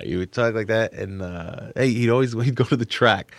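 A man from suburban New Jersey, a comedian being interviewed, who talks in a rambling, excitable way full of restarts. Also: lowish voice, fast, gravelly, hardly any pauses, no room sound. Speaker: comedian guest. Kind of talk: casual interview talk.

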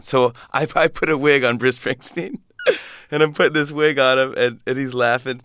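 A man, a comedian, telling a lively story in an interview and acting out other people's voices. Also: mid-range voice, brisk, dry recording, studio quality. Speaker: comedian guest.

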